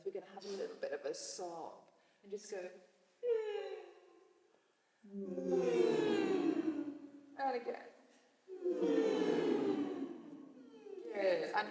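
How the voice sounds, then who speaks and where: A woman leading a choral workshop, guiding a group through playful vocal warm-ups with encouragement and sudden leaps in pitch. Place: large hall with a group. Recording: echoey hall from far off.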